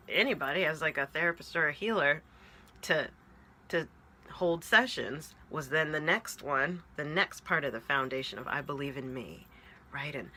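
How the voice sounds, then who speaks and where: A woman coach talks slowly and earnestly to her audience, her voice bright and forward. She is openly moved as she speaks and keeps checking in with them. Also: sits low. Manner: earnest, emotional, keeps asking "right?". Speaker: spiritual coach. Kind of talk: heartfelt direct-to-camera talk.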